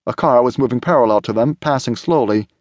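Man, audiobook narrator, steady thriller reading, medium pitch, dry close mic. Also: quick pace, no room sound. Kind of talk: scripted narration.

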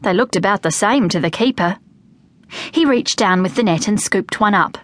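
A woman reads a children's audiobook, telling the story in a lively, expressive way. Her voice sits in the mid range and moves at a normal speed.

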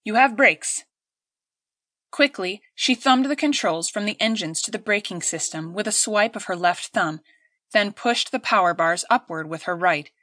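A woman's voice: medium pitch, animated, normal speed, fairly bright tone, no room sound. Woman narrating an audiobook, dry close sound. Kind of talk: scripted narration.

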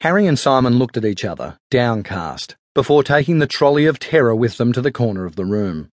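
A man narrating an audiobook in a steady, even storytelling manner on a close studio mic. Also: medium pitch, brisk, dry recording. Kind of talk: scripted narration.

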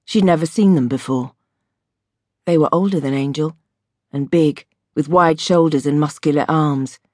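A woman reading an audiobook in a measured, vivid storytelling voice. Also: low voice, a little mellow, no echo, studio quality. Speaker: audiobook narrator. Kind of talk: scripted audiobook narration.

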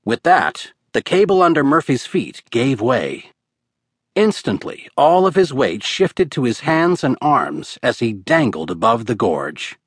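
A man narrating an audiobook in a measured, steady storytelling manner. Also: medium pitch, slightly rough, dry recording, clean studio sound. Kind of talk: scripted narration.

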